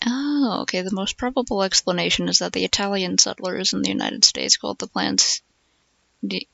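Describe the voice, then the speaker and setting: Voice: mid-range voice, vocal fry, sharp tone, no echo, lo-fi sound. A streamer chatting casually and reading aloud, musing with lots of fillers and hums.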